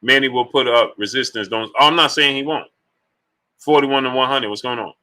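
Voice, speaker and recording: Bright-voiced man hosting a boxing livestream. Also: mid-range voice, brisk. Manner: animated, shouts out viewer names between opinions. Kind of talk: casual live stream chat, reading super chats.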